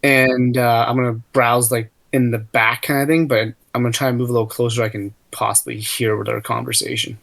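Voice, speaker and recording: A man's voice: medium pitch, little pitch movement, fairly quick, vocal fry, few pauses, a bit bright. A man playing a tabletop game, describing his character's actions in a rambling way and speaking heatedly in character with a lot of swearing. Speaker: player. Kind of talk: casual tabletop role-play.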